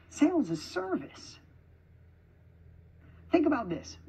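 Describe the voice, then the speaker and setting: Energetic high-voiced woman motivational speaker. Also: slightly rough, lo-fi sound. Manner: energetic, emphatic, repeats phrases for effect. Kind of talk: motivational speech to a live and online audience.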